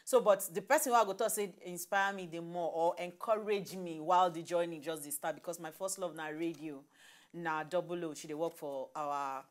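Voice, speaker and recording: A woman's voice: on the low side, normal speed. A young Nigerian woman co-hosting a TV talk show, chatting casually in Pidgin and laughing often.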